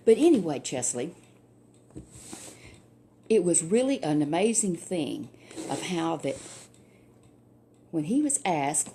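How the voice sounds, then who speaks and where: A woman's voice: lowish voice, animated, measured pace, long pauses, warm tone, slight background noise. An older woman, a grandmother telling a Bible story to a child in a folksy, chatty way full of asides.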